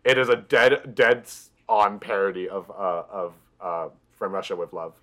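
A man's voice: low-pitched, moderate pace, fairly bright tone. A man co-hosting a podcast, chatting casually and enthusiastically with lots of fillers. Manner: rambling, enthusiastic, heavy on fillers. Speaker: podcast co-host. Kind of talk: casual chat.

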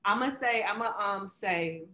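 A woman's voice: medium pitch, measured pace, echoey room, noisy background. A woman, chatting casually as co-host and speeding up when she makes a point. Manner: animated, laughs often, speeds up when making a point. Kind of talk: casual chat.

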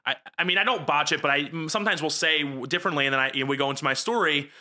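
Young reporter with a jersey accent, fast and chatty, bright sharp tone, casual podcast talk. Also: male voice, fairly high pitch. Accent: New Jersey. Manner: quick, animated storytelling with frequent "like" fillers. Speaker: local TV news reporter.

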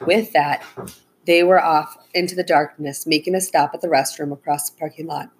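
A woman reading a children's storybook aloud, with gentle, even storytelling and small voice shifts for the characters. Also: sits low, normal speed, a little hiss or hum. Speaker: audiobook narrator.

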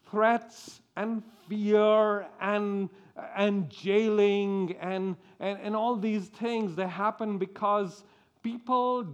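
Man, preacher, sermon, high-pitched, slow, stumbling restarts.

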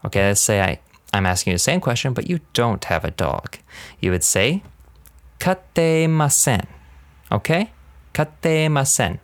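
A man giving a casual podcast language lesson, rambling and laughing often, drilling words slowly. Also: fairly low pitch, very animated, a bit bright, no echo. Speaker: language teacher.

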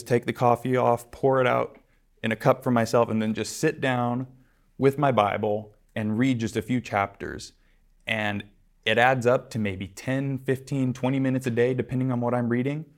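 A man giving a conversational church lecture, earnest and casual, with asides and fillers. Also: fairly low pitch. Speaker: church teacher.

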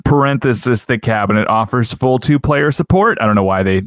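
A man's voice: mid-range voice, a little fast, dry recording, clean studio sound. A man co-hosting a podcast in casual chat, reading news aloud with stumbles and laughs. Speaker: podcast co-host.

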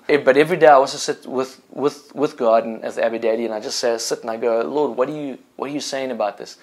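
A middle-aged man preaching an informal online sermon, talking casually with many restarts and dropping to a soft, low voice on reflective points. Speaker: pastor.

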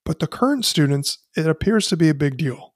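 Guy in his 30s chatting college football, kinda high voice, real dry sound, lots of "like". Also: expressive, a little fast, dry recording. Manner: enthusiastic, frequent "like" fillers. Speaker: podcast co-host. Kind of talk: casual sports chat.

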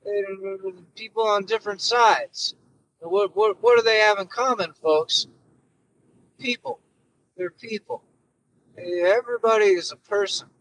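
A man's voice: sits high, unhurried, long pauses, fairly bright tone, a little hiss or hum, rough recording. A man putting on a rambling, stammering elderly male politician in a comic impression, recorded in a car through a phone. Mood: rambling bluster. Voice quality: stammering, repetitive, hoarse-edged. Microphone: phone through car system.

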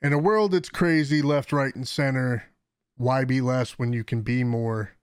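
A man's voice: medium pitch, steady tone, measured pace, smooth, no echo, clean studio sound. A man hosting a podcast in easygoing casual chat, handing the floor to guests. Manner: easygoing, laughs often. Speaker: podcast host.

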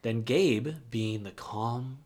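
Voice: mid-range voice, slow pace, darkish tone. A podcast co-host recapping a reality show in casual, sarcastic, ranting chat.

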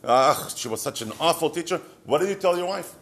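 A man's voice: a little high, animated, fairly quick, fairly bright tone, a little hiss or hum. A middle-aged man with an Israeli accent giving a short, conversational advice talk, asking rhetorical questions with light humor. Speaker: marriage counselor.

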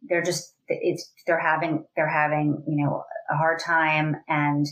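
The audio is poor, but this woman's deep, unhurried voice comes through as she is interviewed conversationally. In her forties and a family educator, she talks earnestly and animatedly, peppering her speech with "you know."

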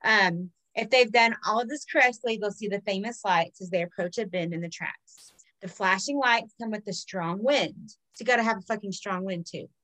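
A woman tells local folk legends in a loose, chatty podcast style. She reads a passage and then breaks in with cursing asides. Her voice sits at a middling pitch. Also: moderate pace, a bit bright, rough recording. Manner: swears freely, reads legends then riffs on them. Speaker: podcast co-host telling folklore stories. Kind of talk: casual storytelling chat.

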